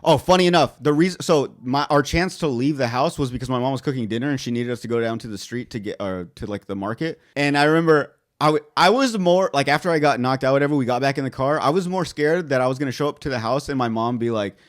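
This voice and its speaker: A man's voice: medium pitch, fast talker, hardly any pauses. A young man casually telling a rambling, profane story on a podcast, laughing as he goes. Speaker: podcast host.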